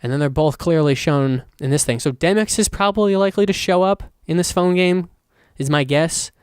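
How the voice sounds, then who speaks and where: A man hosting his own podcast, rambling casually and excitedly with plenty of swearing. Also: a little high, fairly quick, clean tone, no echo, studio quality. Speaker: podcast host.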